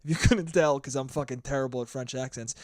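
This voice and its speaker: A man's voice: mid-range voice, fairly even intonation, fast talker, a little mellow, dry recording. A hungover young man hosting a solo podcast, rambling and swearing freely, scatterbrained. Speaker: podcast host. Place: New York.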